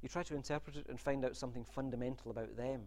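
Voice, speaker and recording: A man's voice: medium pitch, fairly even intonation, very fast, darkish tone. A man giving a university literature lecture in a wry, discursive manner, with asides and restarts. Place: lecture room.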